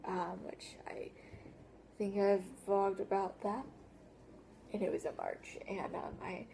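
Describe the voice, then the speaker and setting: A woman's voice: medium pitch, slow, vocal fry, warm tone, a little hiss or hum. A teenage girl telling a story on her vlog in a rambling way, with lots of fillers, often dropping to a whisper. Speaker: vlogger. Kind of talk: casual story-time vlog.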